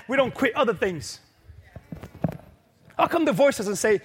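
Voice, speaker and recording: A man preaching a sermon to a congregation, building from quiet, low lines to loud, shouted peaks with rhythmic repetition. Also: expressive, measured pace, long pauses, breathy edge. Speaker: pastor. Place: church.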